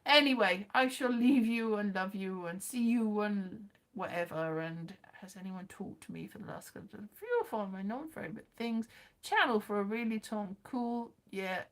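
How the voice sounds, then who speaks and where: A woman's voice: mid-range voice, normal speed. A woman hosting a casual live chat, rambling and self-mocking, now and then breaking into sung lines. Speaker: livestream host.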